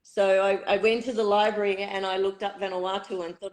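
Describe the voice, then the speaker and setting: A middle-aged woman with a hoarse, husky voice, a spiritual retreat facilitator telling her story candidly in an interview. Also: medium pitch, flat delivery, brisk, low-quality recording. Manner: candid, reflective, uses fillers. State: hoarse, croaky throat.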